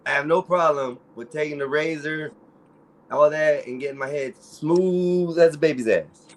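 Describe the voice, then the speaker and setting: A man with a deep, low groaning voice and a Mexican-American accent, chatting and joking in a laid-back drawl as a stream guest. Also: moderate pace. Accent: Mexican-American English. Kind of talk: casual joking banter.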